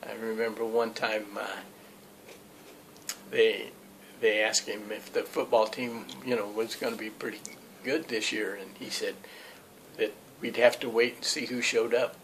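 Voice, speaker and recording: Male interviewee, hesitant with pauses, lowish voice, faint ambience. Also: level tone, fairly bright tone, slight background noise, poor audio. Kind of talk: casual recollection.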